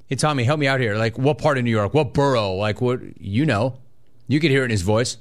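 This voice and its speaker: Dude hosting sports talk radio, jokey and animated, teases the callers a lot. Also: male voice, mid-range voice, fairly quick. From California. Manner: animated, joking, mocks callers. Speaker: radio talk show host. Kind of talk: casual sports radio chat.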